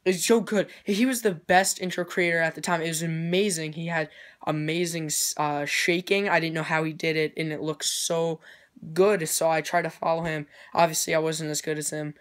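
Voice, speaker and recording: A young man, a video creator, casually thanking his inspirations, rambling and hesitant with lots of fillers but excitable and enthusiastic. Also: fairly high pitch, normal speed. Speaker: YouTube intro creator. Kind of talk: casual vlog thank-you talk.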